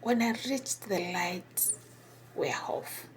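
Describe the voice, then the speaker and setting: A woman whispering a personal story, halting and hesitant with many pauses and restarts. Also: on the low side, slight background noise.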